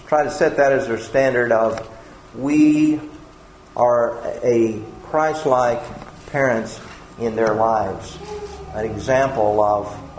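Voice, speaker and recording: A medium-pitched, slightly mellow man preaches with earnest intent, often repeating words while finding his phrasing. The room is echoey, with faint background noise.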